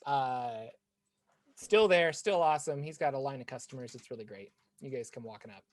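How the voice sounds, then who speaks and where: A man narrating as game master in a casual, easygoing way, with frequent pauses. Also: medium pitch. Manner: casual, easygoing, halting with fillers.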